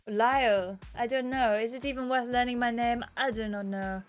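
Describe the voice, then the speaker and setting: A woman's voice: fairly high pitch, normal speed, hardly any pauses, faint music behind. A woman live-streaming a dating game, chatting to viewers and reading the game text aloud. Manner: chatty, reacts and asks viewers questions. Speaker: gaming streamer.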